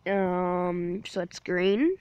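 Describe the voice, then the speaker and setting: Female gamer host, slow and rambling, chatting to herself over a dull lo-fi mic. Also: lowish voice, darkish tone, clear, resonant tone. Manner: rambling, playful self-talk. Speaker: gameplay video host. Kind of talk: casual gameplay commentary.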